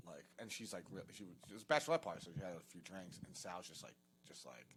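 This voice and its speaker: A man's voice: low-pitched, animated, quick pace, hardly any pauses, fairly bright tone. Rambling, profane male storyteller. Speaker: comedian podcast co-host. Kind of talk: casual storytelling chat.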